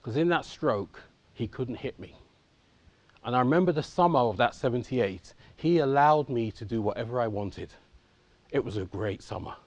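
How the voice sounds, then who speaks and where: A man's voice: medium pitch, animated, moderate pace, dry recording, lo-fi sound. A man in his fifties from England, telling his own life story to an audience in a candid, conversational way and often checking in with them. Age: 50s. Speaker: conference speaker. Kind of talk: personal storytelling talk.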